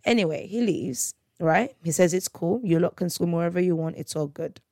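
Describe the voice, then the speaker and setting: A woman's voice: lowish voice, normal speed, gravelly, darkish tone, no room sound, clean studio sound. A woman, casually retelling a dispute on a podcast and acting out both sides of it. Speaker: podcast host. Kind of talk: casual storytelling.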